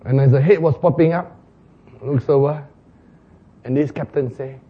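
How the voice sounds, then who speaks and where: A man preaching an animated, playful sermon retelling, laughing at his own jokes. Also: medium pitch, normal speed, breathy edge, dull audio.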